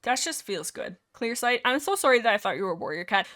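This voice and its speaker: A young woman giving casual, animated tier-list commentary, teasing herself and talking straight to each character. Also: on the high side, fast. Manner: animated, self-mocking, talks to the characters directly. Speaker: YouTuber ranking characters.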